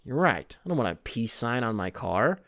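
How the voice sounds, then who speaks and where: A man's voice: medium pitch, big pitch swings, moderate pace, a bit bright. A man in his thirties hosting a podcast, rambling through a comedic monologue with lots of profanity. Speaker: podcast host.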